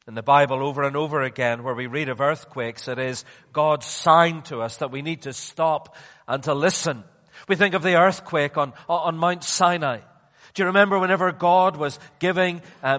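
High-voiced preacher in an echoing hall. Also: male voice, fairly even intonation. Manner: slow and emphatic, dropping to near-hushed tones then rising. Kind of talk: sermon. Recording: long reverb of a large hall.

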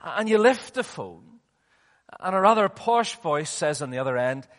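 A male preacher giving a sermon in a dramatic way, swinging between loud and hushed passages, heard with long hall reverb. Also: fairly high pitch, sing-song, normal speed.

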